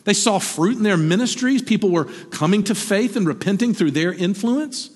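A middle-aged man preaching a sermon from the pulpit, conversational and animated, often asking his listeners questions. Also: sits high, moderate pace, in a large hall. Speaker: pastor. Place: church sanctuary.

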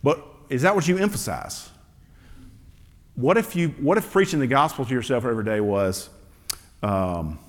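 A man's voice: mid-range voice, expressive, normal speed, long pauses. Guy preaching, chatty sermon, lots of um and rhetorical questions, long hall echo. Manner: conversational, asks rhetorical questions, frequent fillers. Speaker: pastor.

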